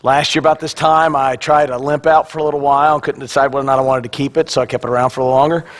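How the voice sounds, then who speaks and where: A male pastor with a raspy, hoarse voice, mixing wry self-deprecating jokes with a scripture reading. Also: medium pitch, little pitch movement, rapid-fire. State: hoarse, coughing. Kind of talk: sermon.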